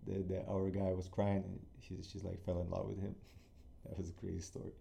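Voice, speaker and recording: Gravelly Ukrainian-accented male guest. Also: deep voice, completely flat delivery, a little fast, warm tone, a little hiss or hum. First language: Russian. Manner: earnest, storytelling, with small hesitations. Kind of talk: casual interview chat.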